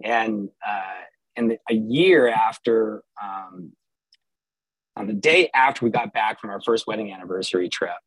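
A man's voice: on the low side, unhurried, fairly bright tone, breathy edge, no room sound, low-quality recording. Wry man telling a candid story. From Southern California. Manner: wry, self-mocking, with frequent restarts and chuckles. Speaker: storyteller sharing personal recovery story.

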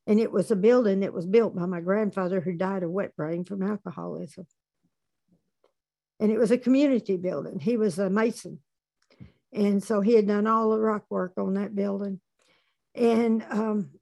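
A woman giving a personal testimony at a recovery meeting, telling her story plainly with dark humor. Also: medium pitch.

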